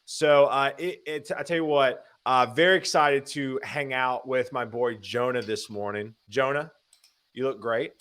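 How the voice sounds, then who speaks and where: A man hosting a live web show, talking in an upbeat, energetic, chatty way. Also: medium pitch, measured pace, clear, resonant tone. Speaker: host. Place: home in Nashville.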